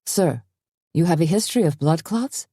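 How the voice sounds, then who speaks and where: A woman's voice: on the low side, lively intonation, moderate pace, mellow, husky, no room sound, clean studio sound. A woman reading an audiobook, voicing a young male doctor who speaks formally and politely.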